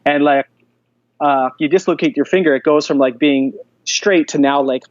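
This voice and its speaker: Man, podcast guest, chatty animated storyteller, slightly high voice, dull dry audio. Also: moderate pace, no room sound. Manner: animated storyteller, many fillers. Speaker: guest, jiu-jitsu black belt instructor. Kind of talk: casual podcast interview.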